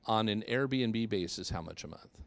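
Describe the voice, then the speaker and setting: Male real estate presenter, low-ish voice, patient explainer at a live seminar. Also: normal speed, gravelly, no room sound. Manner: explanatory, checks in with okay.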